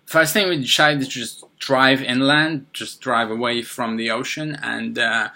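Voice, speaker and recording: A man hosting a podcast, telling a first-person story in a halting way, with many fillers and restarts. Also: mid-range voice, fairly even intonation, bright, forceful tone. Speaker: podcast host.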